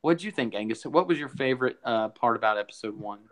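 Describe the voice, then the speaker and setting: A man's voice: mid-range voice, animated, fast talker, fairly bright tone, low-quality recording. A man co-hosting a podcast, rambling casually with lots of fillers and restarts, a little out of breath. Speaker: podcast co-host. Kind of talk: casual chat.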